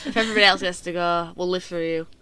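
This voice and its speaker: A woman co-hosting a casual podcast chat, gushing and excitable as she talks about her favourite acts. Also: lowish voice, very fast, a crowd in the background. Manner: gushing and excitable fan talk. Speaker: podcast co-host.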